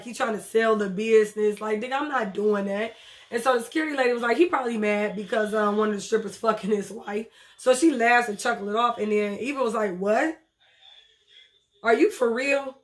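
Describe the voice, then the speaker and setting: Woman, slightly high voice, casual TV recap, blunt and foul-mouthed, heckles the characters. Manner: blunt, profane, talks back to the characters. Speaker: TV show reviewer.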